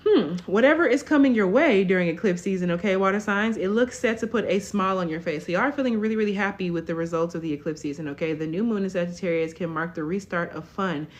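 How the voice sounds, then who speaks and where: A woman's voice: mid-range voice, quick pace, few pauses. A woman in her twenties giving a casual live tarot reading, chatty, tagging almost every line with "okay?". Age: 20s. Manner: chatty, tags lines with "okay?". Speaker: tarot reader.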